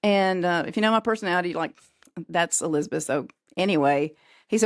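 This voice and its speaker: A middle-aged woman with a low voice tells a family story at a relaxed pace. She slips into the voices of the people she quotes and laughs often. The recording is dry and close. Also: brisk, dry recording. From North Carolina, USA. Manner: lively storyteller who acts out quoted voices, with frequent laughs. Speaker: podcast guest. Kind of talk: casual storytelling.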